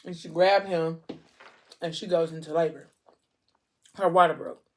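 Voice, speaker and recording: A woman vlogger talks through a book's plot in a loose, chatty way, tossing in slangy asides as she goes. Her voice sits a bit low for a woman, and there's a stressed edge under the casual tone. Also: fairly even intonation, unhurried. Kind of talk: casual book recap storytelling.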